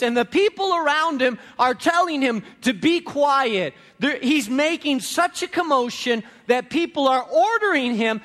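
A man's voice: very high-pitched, a bit bright. A male pastor preaching a sermon to a congregation, emphatic and repetitive, telling stories. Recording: long reverb of a large room.

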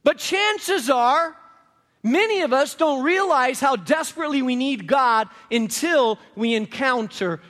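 Guy pastor preaching, bright forceful tone, long echo like a big church hall. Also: extremely high pitch. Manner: emphatic, repetitive preaching with storytelling. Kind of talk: sermon. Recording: long reverb of a large room.

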